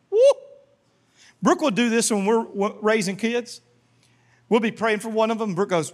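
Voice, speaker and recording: High-voiced, animated man preaching a sermon. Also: moderate pace. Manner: animated, call-and-response with congregation, acts out prayers and voices. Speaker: pastor.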